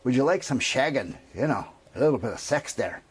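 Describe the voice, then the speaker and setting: A man voicing a huge, jolly Scotsman with a put-on Scottish accent, loud and blunt. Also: mid-range voice, lively intonation, fairly quick, husky. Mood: sly. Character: huge hearty Scotsman in full kilt, man.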